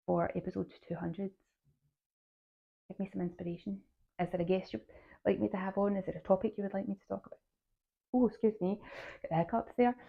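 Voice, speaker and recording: A woman's voice: lowish voice, gravelly. A woman hosting her own podcast, talking earnestly and encouragingly straight to her listeners. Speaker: podcast host and health coach. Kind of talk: solo podcast talk. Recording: tinny phone-like sound.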